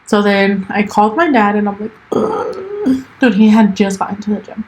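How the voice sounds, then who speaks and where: A woman's voice: medium pitch, fairly even intonation, fast talker, darkish tone, low-quality recording. Bilingual young woman telling a story. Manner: switches between English and Spanish, lots of "like" and "dude". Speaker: podcast co-host. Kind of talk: casual storytelling chat.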